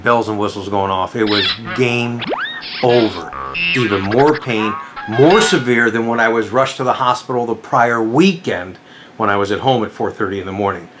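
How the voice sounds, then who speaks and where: A middle-aged man hosting his vlog and casually retelling a personal story in an animated, dramatic way. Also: fairly low pitch, normal speed, noisy background. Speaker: vlog host.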